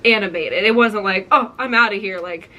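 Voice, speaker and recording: A woman's voice: mid-range voice, normal speed, bright, forceful tone, dull audio, a little hiss or hum. A young woman telling a casual story time to her viewers, chatty and full of likes and ums. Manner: chatty, many fillers and likes. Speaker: vlogger.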